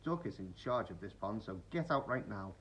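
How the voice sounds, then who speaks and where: A man voicing a bossy, self-important male duck who scolds and quacks in a shrill voice. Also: expressive, moderate pace, slight background noise, close to an everyday voice.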